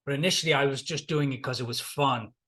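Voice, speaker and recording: A man's voice: medium pitch, fast, a bit bright. A middle-aged man, a life coach, giving a motivational talk and retelling client stories, repeating key lines for emphasis.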